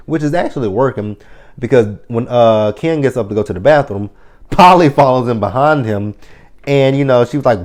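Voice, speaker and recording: A man's voice: mid-range voice, moderate pace, darkish tone. A man in his thirties casually recapping a TV episode, chatty and profane, laughing often. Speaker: TV episode reviewer.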